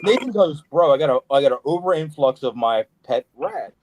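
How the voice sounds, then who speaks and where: A man's voice: a little high, very animated, a little fast, a little mellow, no echo, rough recording. A man hosting a casual podcast, telling loose, profane stories and acting out little voices. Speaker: podcast host, reptile breeder.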